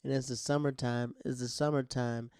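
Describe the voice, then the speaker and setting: A man's voice: medium pitch, little pitch movement, normal speed, darkish tone, clean tone, dry recording. A man with a mid-range voice tells family stories in a loose, casual monologue, chuckling as he goes. The recording is dry and close, with no room sound. He talks like a stand-up comic. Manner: laughs often while telling, acts out family members' voices. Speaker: stand-up comedian, podcast host.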